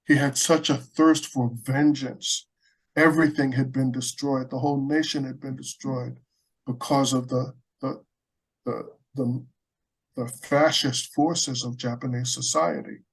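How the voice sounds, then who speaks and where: A man's voice: medium pitch, a little slow, slightly rough, poor audio. Earnest American man telling a story. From United States. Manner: earnest, animated storyteller with frequent restarts. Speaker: Buddhist practitioner guest. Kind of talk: storytelling in a conversational interview.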